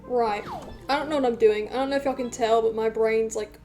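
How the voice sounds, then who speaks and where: A woman streaming live, chatting to her viewers in a loose, rambling way with plenty of fillers. Her voice sits a little high. Music plays clearly underneath her talk. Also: steady tone, a little fast, warm tone. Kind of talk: casual live-stream chat.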